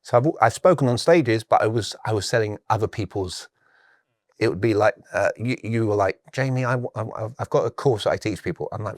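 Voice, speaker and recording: A middle-aged man with a British accent talks as a guest on a podcast, with a somewhat low voice. He tells his stories with animation and acts out the people in them. The sound is close and dry, with no room echo. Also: brisk. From Britain. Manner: animated storyteller who acts out quoted exchanges. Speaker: sales coach and guest. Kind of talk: casual podcast conversation.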